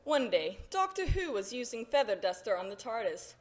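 Lady reading goofy fan fiction out loud, slightly high voice, lots of ups and downs. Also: expressive. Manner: halting, reads with stumbles and shouted lines. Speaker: audience member reading a story aloud.

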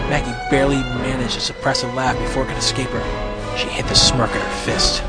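A man narrating a story in an expressive reading. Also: mid-range voice, brisk, loud music behind the voice. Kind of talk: storybook reading of fan fiction.

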